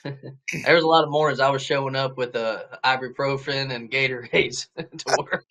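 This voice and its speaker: A man in his thirties from northeast Georgia, with a Southern American accent, chats casually as a guest about his archery shop. He's easygoing and jokes with laid-back humor. His medium-pitched voice keeps fairly even intonation at a normal speed, with background noise present.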